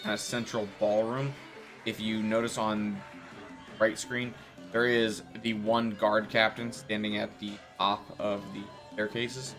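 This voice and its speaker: A man narrating a tabletop role-playing game as game master, relaxed and hesitant. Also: on the low side, slow pace, over music.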